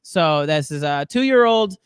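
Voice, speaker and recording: A man's voice: a little high, lively intonation, slow, clean tone, dry recording, clean studio sound. A man from the Southern US doing a rambling stand-up comedy set, chuckling at his own jokes. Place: comedy show studio.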